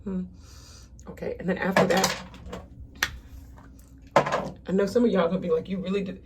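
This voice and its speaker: A woman's voice: on the low side, level tone, normal speed, very noisy. A woman in her thirties chatting casually to viewers while she walks through a makeup tutorial at home. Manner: chatty, talks straight to viewers as "y'all". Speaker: makeup vlogger.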